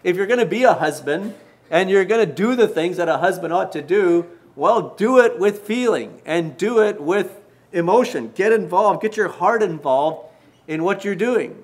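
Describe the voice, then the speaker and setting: A man in his sixties preaching to husbands in a folksy storytelling manner, with restarts and gentle self-mockery. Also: sits high, lively intonation, normal speed. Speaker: pastor. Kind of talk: sermon to married men.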